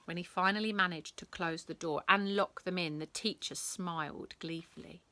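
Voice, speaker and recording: A woman reading a bedtime story, animated, acting out sound effects and dropping to whispers. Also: on the low side, normal speed, few pauses, no echo.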